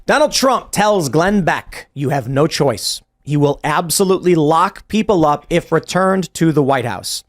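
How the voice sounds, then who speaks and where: A man hosting a political podcast, quick and wry as he leads the talk. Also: a little high, expressive. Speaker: podcast host. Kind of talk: casual political chat.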